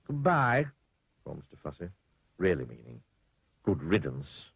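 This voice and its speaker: A man reading a children's storybook aloud in an expressive, playful way, sometimes speaking to the listener. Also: sits low, normal speed, husky, no echo, lo-fi sound.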